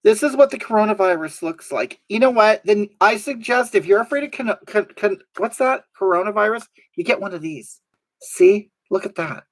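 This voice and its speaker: A woman's voice: medium pitch, expressive, normal speed. A woman hosting a live stream, reading out viewer comments in a sassy, drawling, mock-sincere way.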